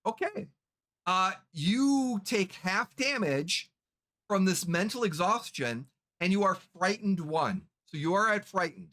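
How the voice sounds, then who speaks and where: A game master narrating a tabletop game in a halting way, with many fillers and restarts. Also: medium pitch, lively intonation, a bit bright.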